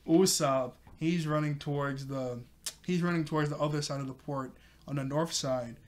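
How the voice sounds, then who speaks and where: A man's voice: fairly high pitch, steady tone, normal speed. A man recapping an anime episode in a rambling, casual way, chuckling often and leaning on fillers. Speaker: anime review host.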